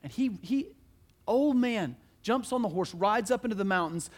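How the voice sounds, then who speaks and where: High-voiced preacher telling a story. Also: male voice, moderate pace. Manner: animated storytelling, emphatic, conversational. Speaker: pastor. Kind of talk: sermon.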